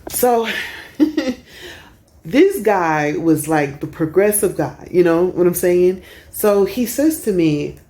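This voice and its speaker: A middle-aged woman tells stories in a relaxed, chatty vlog, sitting out on a porch. Her voice sits low and warm, and she keeps it animated with frequent laughs. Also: slow pace. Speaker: vlogger. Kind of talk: casual storytelling vlog. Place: outdoor porch in the rain.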